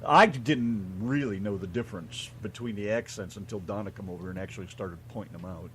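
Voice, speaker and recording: A man's voice: on the low side, a little fast, fairly bright tone, a little hiss or hum. An American man co-hosting an online radio show, talking in a laid-back, rambling way and often saying "man". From United States. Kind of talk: casual radio chat.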